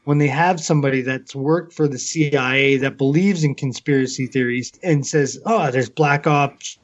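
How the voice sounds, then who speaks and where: A man's voice: mid-range voice, moderate pace. A Canadian man co-hosting a podcast, ranting in casual, profanity-heavy chat. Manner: animated, swears constantly. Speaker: podcast co-host. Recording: slightly muffled lo-fi audio.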